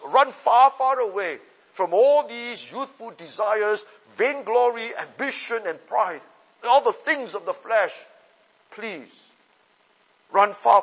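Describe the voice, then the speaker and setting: A man with a high voice preaches a sermon with force, repeating his phrases and moving from loud calls to soft asides. His words ring out with a long reverb, as if he were in a large hall. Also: husky.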